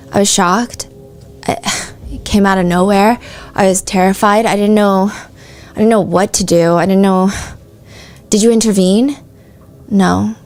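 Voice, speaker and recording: A woman narrates true-crime courtroom testimony in a casual podcast manner. She reads the questions and answers aloud and breaks in with chatty asides. Her voice sits at an ordinary middle pitch for a woman. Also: a little mellow. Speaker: podcast host.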